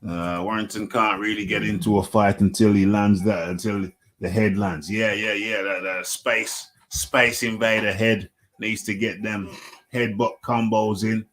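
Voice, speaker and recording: Brief: male host, middle-aged, lowish voice, loose chatty recap, repeats lines, chuckles. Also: flat delivery, unhurried, fairly bright tone. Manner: rambling, repeats phrases, chuckles often. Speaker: host of a combat sports radio show. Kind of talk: casual solo fight recap.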